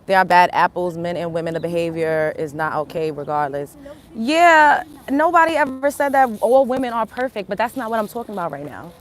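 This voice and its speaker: A woman's voice: fairly low pitch, expressive, brisk, slight background noise. A young woman with an African American Vernacular English accent, hosting a livestream and ranting emphatically, firing off repeated rhetorical questions in a confrontational way. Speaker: livestream host. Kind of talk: opinionated livestream rant.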